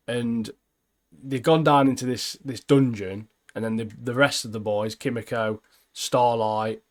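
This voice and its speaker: A man co-hosting a casual podcast, his voice sitting at a middling pitch. He retells scenes animatedly and keeps ending his phrases with "mate". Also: a little mellow. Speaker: podcast co-host. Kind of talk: casual chat.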